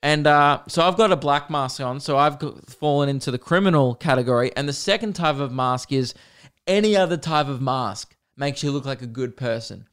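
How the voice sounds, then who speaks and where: Joking Australian man, smooth voice. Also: mid-range voice, moderate pace, fairly bright tone. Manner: chatty, joking, addresses listeners directly. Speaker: podcast host. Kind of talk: comedic storytelling monologue. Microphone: close microphone.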